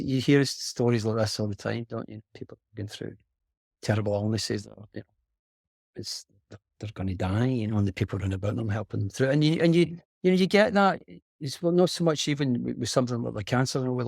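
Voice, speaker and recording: Middle-aged Scottish actor on a video call; earnest, reflective talk with a gravelly edge. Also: male voice, mid-range voice, a little mellow, dry recording, studio quality. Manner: earnest, heartfelt, halting. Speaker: guest actor. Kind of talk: reflective conversation.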